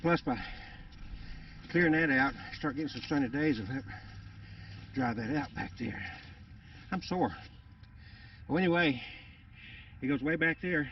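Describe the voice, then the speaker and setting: A man's voice: a little high, moderate pace, a little hiss or hum. A man rambling through a casual vlog outdoors, out of breath and full of fillers. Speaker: vlogger. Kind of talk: casual rambling walk-and-talk. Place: outdoors on wooded rural land. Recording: distant dull outdoor recording.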